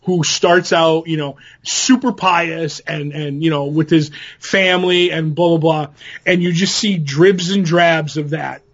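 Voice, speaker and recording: A man's voice: on the high side, fairly even intonation, unhurried, a bit bright, muffled recording. A man co-hosting a podcast, enthusiastically retelling movie scenes in casual chat. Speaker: podcast co-host.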